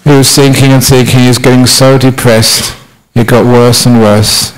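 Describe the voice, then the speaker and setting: A man's voice: medium pitch, steady tone, normal speed, low-quality recording. A man giving a humorous Buddhist talk as a monk teacher, telling stories playfully with self-mocking humour.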